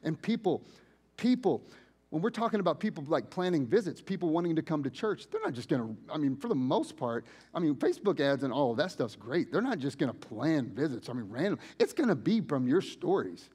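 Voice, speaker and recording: A man preaching a sermon, telling personal stories conversationally and switching between loud and hushed delivery. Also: fairly high pitch, big pitch swings, a little fast, few pauses, breathy edge. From United States. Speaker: pastor. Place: church sanctuary.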